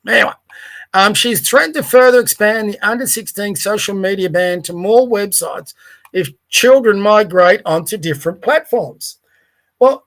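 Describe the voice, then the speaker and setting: Blunt man, higher voice. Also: a bit bright. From Australia. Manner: blunt, rambling, profane. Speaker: podcast host. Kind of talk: livestream commentary.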